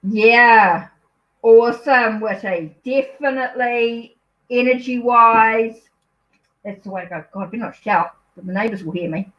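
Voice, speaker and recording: A chatty woman with a New Zealand accent speaks a little high, rambling and apologizing as she thinks aloud during a casual live stream from home. The sound is dull and lo-fi. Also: moderate pace. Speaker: tarot reader hosting a live stream.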